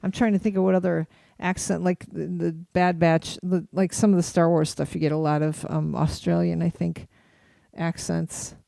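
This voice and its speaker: A co-host with a gravelly, creaky voice jumps into a casual podcast chat with playful, teasing remarks. The recording is dry and close to the mic. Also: mid-range voice, level tone, normal speed, dark tone, no echo.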